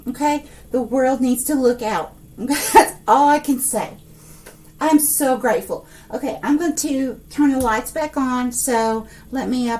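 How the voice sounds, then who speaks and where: A woman giving a monthly tarot reading to her viewers, excitable, filling her talk with fillers and pausing to address a spirit. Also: sits high, recorded from a distance. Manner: excitable, breathless outbursts, many fillers; speaks to an unseen spirit. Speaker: psychic tarot reader.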